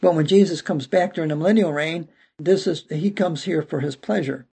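A man's voice: fairly high pitch, a little fast, creaky, warm tone, breathy edge. A man preaching a verse-by-verse Bible sermon, emphatic and peppering his teaching with "okay" as he restarts phrases.

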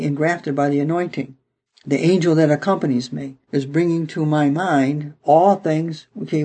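A man preaching a Bible teaching, with a gravelly, husky voice that sits on the higher side. He reads scripture aloud and then unpacks it, peppering his explanations with "okay." The tone is dark and mellow rather than bright. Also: low-quality recording.

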